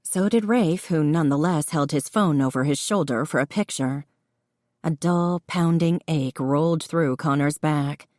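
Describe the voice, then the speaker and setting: Low-voiced woman narrating a novel. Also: darkish tone, dry recording, studio quality. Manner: measured storytelling. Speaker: audiobook narrator. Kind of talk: scripted narration.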